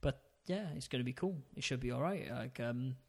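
A man co-hosting a podcast, chatting casually in a relaxed, rambling way and laughing often. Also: mid-range voice, a little fast, gravelly. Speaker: podcast co-host. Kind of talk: casual chat.

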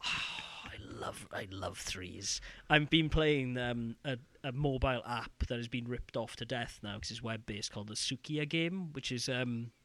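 Here a podcast co-host from the United Kingdom, speaking British English, keeps up a lively, ranting casual chat loaded with fillers. He talks at a moderate pace in a medium-pitched voice, hardly pausing. The audio is dry.

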